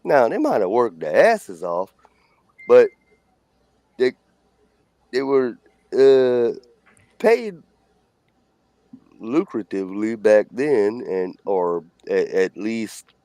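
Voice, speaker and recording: Slow-talking man from louisiana, lively pitch, halting, dry sound. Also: dry recording. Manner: halting, fillers, drawn out. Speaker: guest. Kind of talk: casual live-stream talk.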